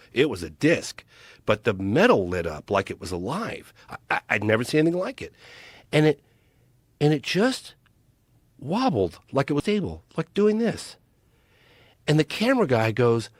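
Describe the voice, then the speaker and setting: A male podcast guest talks through a long personal story in a casual, emphatic way, with frequent restarts and repeated words. His voice rises and falls widely in pitch. The recording is dry and close, with no room sound. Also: breathy edge, no echo. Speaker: podcast guest, documentary filmmaker.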